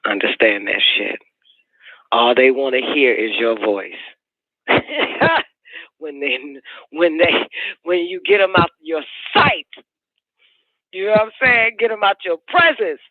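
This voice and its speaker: A man holds forth on a call-in radio show, preachy and profane, circling back to the same points again and again. His voice sits a bit high and swings widely in pitch. The sound is dry and squeezed into a narrow, phone-like band. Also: lively intonation, takes it slowly, long pauses, no room sound.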